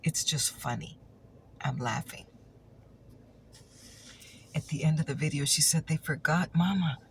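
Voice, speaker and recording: A woman's voice: sits low, steady tone, a little slow, vocal fry, a little hiss or hum. A woman telling a chatty ASMR story, teasing and repeating her punchlines, sometimes dropping into a whisper.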